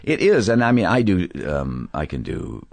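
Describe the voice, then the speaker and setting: A soft-spoken man from the US Midwest, an actor guest telling stories in a casual interview and laughing often as he talks. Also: sits low, wildly swooping pitch, moderate pace, creaky, no room sound.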